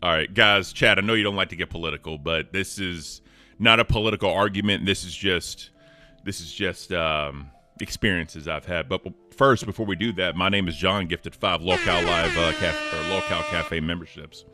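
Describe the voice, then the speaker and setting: A man co-hosting a casual livestream chat in a deep voice, upbeat and thanking chat members by name. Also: moderate pace, pushed and bright, soft background music. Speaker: co-host.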